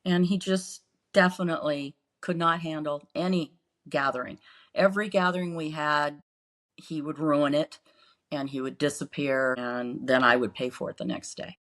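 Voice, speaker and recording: A woman's voice: deep voice, steady tone, moderate pace, a bit bright. A woman co-hosting a podcast, earnestly recounting painful memories in casual storytelling. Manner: earnest, re-lives painful memories, acts out quotes. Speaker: podcast co-host.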